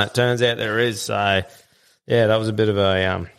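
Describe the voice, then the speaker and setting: A man's voice: lowish voice, fairly quick, gravelly, fairly bright tone, smooth. A young man hosting a casual podcast chat, laid-back and swearing freely, often breaking into laughter. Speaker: podcast host.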